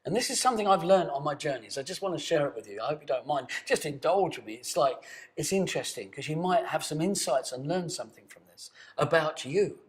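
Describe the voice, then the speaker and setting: An older man working as a voice coach, seated and leading a guided voice exercise to camera. He coaxes the listener along and swings between soft, hushed asides and bold, sustained tones. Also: on the high side, animated, fast talker. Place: seated indoors.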